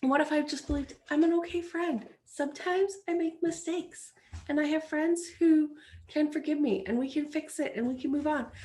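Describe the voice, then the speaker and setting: Fortyish woman coach doing her podcast, kinda high voice, earnest and encouraging, acts out her own inner voices. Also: fairly even intonation, normal speed, a little mellow. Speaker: life coach, podcast host. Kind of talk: solo podcast talk.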